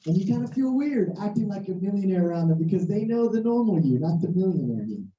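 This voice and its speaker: A hoarse preacher with a strained, worn voice delivers a storytelling sermon and acts out every exchange with sudden high jumps. The tone is very dark and mellow. It is heard from a distance in a roomy, echoing space with a slightly muffled sound. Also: fast. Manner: animated, acting out dialogue with big pitch jumps.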